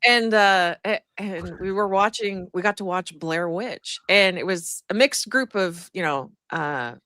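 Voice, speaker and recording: A woman's voice: medium pitch, measured pace, fairly bright tone, no room sound. A woman guest on a livestream telling a funny story in a rambling casual way, with lots of fillers and laughter. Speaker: guest streamer.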